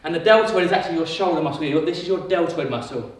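A high-voiced fitness coach races through a kids' workout, cheerfully encouraging and calling countdowns and moves between quiz questions. He is well away from the mic, and his voice rings around a very echoey room.

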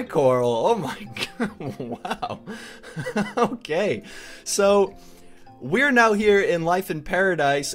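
A young man hosting a gaming video, giving playful, excited commentary with a pleading tone. His voice jumps high whenever he gets worked up.

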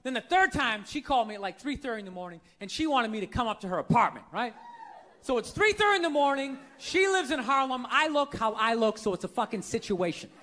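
A man's voice: extremely high pitch, big pitch swings, quick pace, sharp tone, a little hiss or hum. A male stand-up comedian ranting and swearing, telling exasperated stories to a live audience. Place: large comedy venue. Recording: live hall with crowd laughter.

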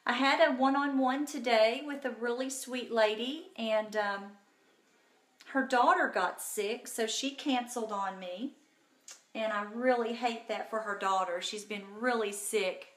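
A woman hosts a casual live makeup tutorial, bubbly and chatty as she greets viewers by name. Her voice sits a little high and she takes her time. It is caught on a phone in an echoey room at home.

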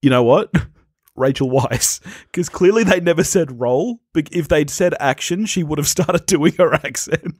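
A man co-hosting a podcast, giving blunt, animated opinions on a film and laughing easily. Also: a little high, a little slow, slightly rough, no echo, clean studio sound. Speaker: podcast co-host. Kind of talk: casual film review chat.

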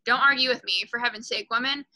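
A huge, scornful headmistress barks, snaps and mocks, as a woman reading aloud puts her on. The voice is bright and pitched high. It booms with contempt. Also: fast, low-quality recording. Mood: bullying. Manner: barking, snapping, mocking. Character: huge bullying female headmistress, loud and scornful.

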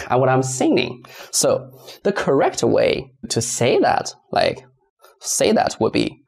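Gravelly, lively male teacher. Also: medium pitch, takes it slowly. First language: Mandarin Chinese. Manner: asks rhetorical questions and gives examples. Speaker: language teacher. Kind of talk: explanatory online lesson.

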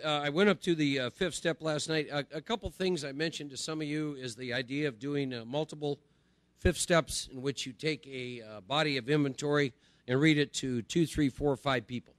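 Speaking at a normal pace in a slightly high, fairly bright voice, a middle-aged recovery speaker talks to a group about spiritual recovery. He keeps it conversational, repeats phrases, and frequently asks "right?" The recording has no room sound.

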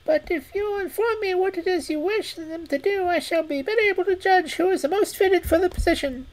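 A woman doing a squeaky, trembling storybook rat. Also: darkish tone. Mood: relieved. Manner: trembling, quick, high-pitched. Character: timid squeaky male rat, nervous and eager.

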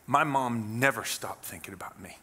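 A middle-aged male pastor from Kansas delivers a sermon in a bright, clear voice. He keeps it conversational and folksy and slips in wry jokes. His pitch sits in the middle for a man. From Kansas, USA. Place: church sanctuary.

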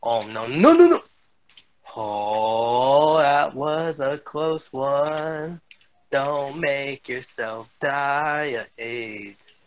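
A young man swearing and yelling his way through a shooter game as a gaming streamer. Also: medium pitch, lively intonation, drawn-out words, clear, resonant tone. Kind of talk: angry gameplay commentary.

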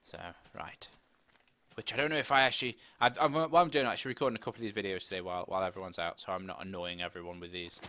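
Racing along in a low voice, this middle-aged gaming commentator keeps up a chatty, rambling stream of talk over his gameplay, with bursts of excited squealing. It's casual let's-play commentary captured through a desk mic alongside a face cam.

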